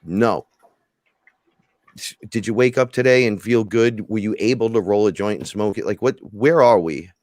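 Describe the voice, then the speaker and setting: A man talks in a loose, rambling way and slips into little acted-out quotes. His voice sits fairly low, and the sound is dry and close with no room around it. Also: moderate pace, no room sound. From New York. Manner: rambling, animated, acts out quotes. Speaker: podcast guest. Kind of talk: casual chat.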